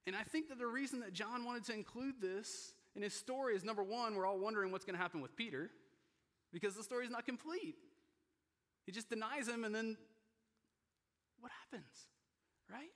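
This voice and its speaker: A man preaching a heartfelt sermon, his voice sitting a little high for a man. He is moved close to tears and often drops to a hushed near-whisper. The sound carries a long reverb from the church hall around him. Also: brisk, pauses often. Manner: earnest and personal, drops to a hushed near-whisper for emotional moments. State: emotional, choking up. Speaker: pastor. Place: church sanctuary.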